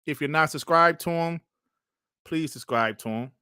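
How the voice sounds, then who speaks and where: A man's voice: a little high, normal speed, bright, forceful tone, clean tone, no room sound, clean studio sound. A man hosting a casual live stream, laughing often and trash-talking with plenty of swearing. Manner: laughing, profane trash talk.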